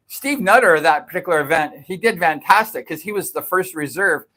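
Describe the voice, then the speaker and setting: A man's voice: on the high side, fairly bright tone. A middle-aged man casually telling a long story on his livestream, rambling and repeating himself with many fillers.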